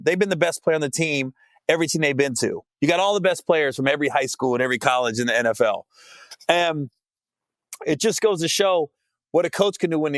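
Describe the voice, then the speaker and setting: A man hosts his own podcast in a loose, rambling monologue about sports. His voice sits a little high. The sound is close and dry, with no room echo. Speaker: podcast host.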